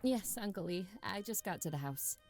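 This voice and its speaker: A woman's voice: medium pitch, lively intonation, moderate pace, a little mellow, soft background music, voice pushed down. A woman voicing a wry young woman writer on a spooky vacation in a game.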